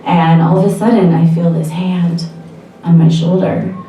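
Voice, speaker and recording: A young woman tells a candid personal story at a live bar event, laughing easily and poking fun at herself. Her voice is low and mellow. It echoes heavily around the room and sounds distant from the mic, with faint noise underneath. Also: level tone, moderate pace. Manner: candid, self-deprecating, laughs often.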